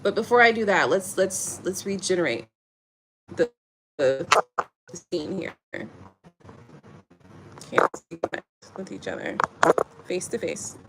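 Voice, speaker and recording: A woman giving a casual, playful tarot reading, talking in an animated way full of slang and laughter. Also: lowish voice, a little slow, long pauses, heavy background noise. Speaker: tarot reader.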